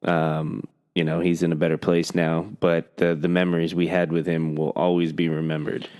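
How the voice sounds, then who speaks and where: A man's voice: low-pitched, monotone, moderate pace, a little mellow. A man co-hosting a podcast, chatting casually and telling rambling stories in a blunt, profane way. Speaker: podcast co-host; coach. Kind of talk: casual chat.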